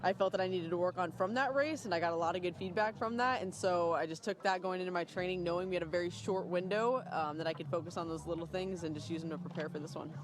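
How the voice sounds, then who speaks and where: Bubbly fast-talking female athlete. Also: on the low side. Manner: bubbly, fast, full of fillers. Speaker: racing athlete. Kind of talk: outdoor interview. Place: outdoors at a race venue.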